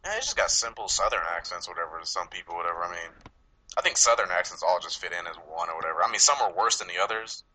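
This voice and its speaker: A man's voice: low voice, animated, quick pace, bright, forceful tone, rough recording. A man from Los Angeles with an LA accent, hosting a casual chat, swearing and laughing often. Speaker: podcast host.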